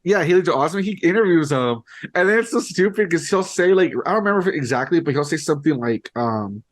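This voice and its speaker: Podcast dude rambling on, says like every other word, kinda high-ish voice. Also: male voice, lively intonation, fast talker. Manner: rambling, filler-heavy retelling. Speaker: podcast co-host. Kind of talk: casual chat.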